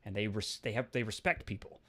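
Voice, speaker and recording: A man's voice: on the low side, fairly even intonation, a little fast, sharp tone, breathy edge. A man on a live stream Q&A, ranting heatedly with lots of swearing and repeated restarts. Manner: heated, profane, repeats himself and restarts often. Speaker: streamer answering live chat questions.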